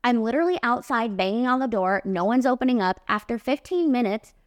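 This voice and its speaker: A young woman in her twenties, a makeup artist hosting a podcast, telling a story in a casual, animated, emphatic way. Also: a little high, a little fast, no room sound.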